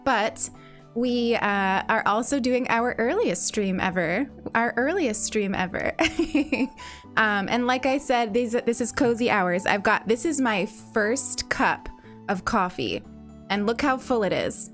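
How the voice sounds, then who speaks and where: Woman streamer, high voice, bubbly and chatty, repeats herself, slight cough, faint music underneath. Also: lively intonation, takes it slowly. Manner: bubbly, repeats phrases, laughs often. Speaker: livestream host. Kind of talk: casual livestream chat greeting viewers.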